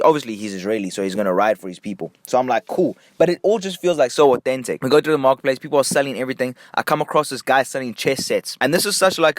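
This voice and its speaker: A young man from Nigeria telling a casual story-time vlog, jumping between hushed asides and excited, high bursts. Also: no room sound. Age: young adult.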